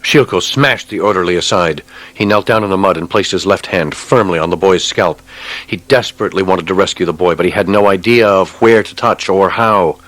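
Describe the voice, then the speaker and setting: A man narrating a war novel audiobook in a measured, grave way. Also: low-pitched, fairly bright tone, no echo.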